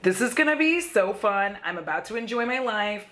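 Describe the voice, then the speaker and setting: A woman's voice: medium pitch, animated, normal speed, fairly bright tone, a little hiss or hum. A woman chatting in a casual beauty haul vlog, gushing and playful with lots of asides. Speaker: beauty vlogger. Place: at home.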